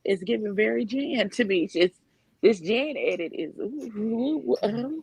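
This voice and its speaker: Sassy panelist, husky, casual drag chat. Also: medium pitch, animated, moderate pace, a little mellow, dry recording, rough recording. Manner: sassy, drawling commentary.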